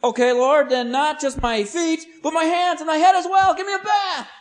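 A man's voice: extremely high pitch, steady tone, moderate pace, voice pushed up. A man voicing an impulsive, stubborn male apostle in emphatic, exclamatory bursts. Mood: eager.

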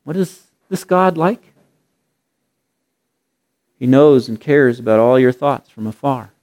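A man's voice: medium pitch, expressive, slow, a little mellow. A man preaching a sermon in an earnest way, piling up rhetorical questions and repeating phrases for emphasis.

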